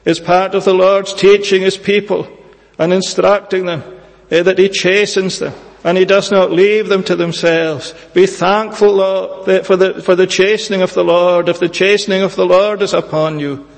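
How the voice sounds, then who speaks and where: A man preaching a sermon in a church, earnest and measured, pleading with his hearers and pausing often on "eh". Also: sits high, level tone, vocal fry, big-room sound.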